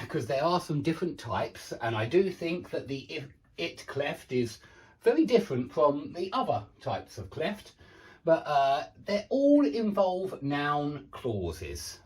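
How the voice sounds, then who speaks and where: A man's voice: a little high, darkish tone. A man teaching an online grammar lesson, explaining patiently and often checking in with his students. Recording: slightly distant mic.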